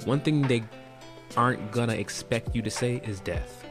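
A man hosts a laid-back podcast with lively, playful energy, jumping between loud outbursts and softer asides. His voice sits in a middle register. Music plays behind him. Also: mid-range voice, fast talker. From United States. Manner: animated, joking, loud and expressive. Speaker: podcast host. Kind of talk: casual podcast chat. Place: indoor podcast setup.

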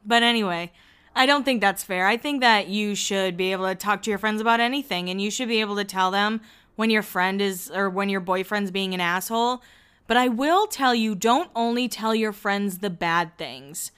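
A young woman hosting a podcast and recapping a reality show in casual chat, laughing often and slipping in quick quoted asides. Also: mid-range voice, a bit bright, smooth.

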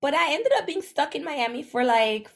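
A young woman from Jamaica, telling her story as an interview guest in a casual, animated way and acting out the dialogue she quotes. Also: normal speed. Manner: animated, acts out quoted dialogue with big jumps in pitch. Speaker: guest, travel influencer.

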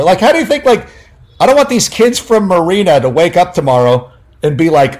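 Speaking at a moderate pace in a medium-pitched voice, this man, a sports writer, spins casual, animated interview stories. Fillers come often, and he performs any dialogue he quotes.

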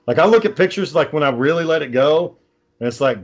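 A man's voice: a little high, lively intonation, a little fast, breathy edge. A man in casual chat, telling long stories with many fillers and restarts.

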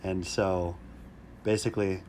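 Deadpan man hosting a podcast. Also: deep voice, a little slow, slight background noise. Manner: deadpan mock-sad joking. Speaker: podcast host. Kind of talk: casual comedic podcast chat.

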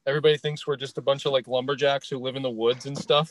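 A man's voice: mid-range voice, steady tone, quick pace, no echo. A young man from northern Michigan with a local accent, hosting a casual podcast chat, rambling with lots of fillers and easy laughs. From Michigan, USA. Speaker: podcast host.

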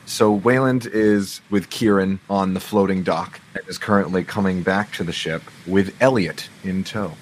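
Deep-voiced man describing his moves. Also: steady tone, moderate pace, hardly any pauses, poor audio. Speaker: player. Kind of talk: describing actions in a tabletop game.

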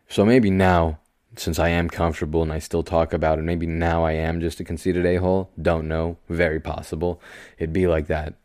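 Calm, low-voiced young man podcasting. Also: no room sound, clean studio sound. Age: young adult. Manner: calm, slow, rambling and self-deprecating. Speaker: podcast host. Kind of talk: casual solo podcast monologue.

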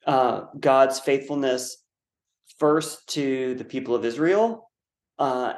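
A male guest scholar explains his ideas thoughtfully, pausing on "uh"s and correcting himself as he goes. His mid-pitched voice carries a noticeable room echo, as if he is recording in a bare, reflective space. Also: darkish tone. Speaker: guest author and Bible scholar. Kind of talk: conversational explanation in an interview. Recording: roomy echo.

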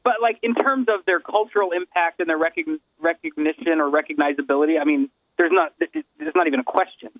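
A man's voice: on the high side, sing-song, fast, creaky, hardly any pauses, dry recording. A man co-hosting a casual wrestling podcast who hesitates and searches for his words. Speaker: podcast co-host. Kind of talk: casual chat. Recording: dry, phone-like sound.

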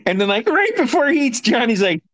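A man's voice: very high-pitched, sing-song, a little fast, a bit bright, no room sound. A man casually telling stories, swearing a lot and laughing through them. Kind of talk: casual storytelling chat.

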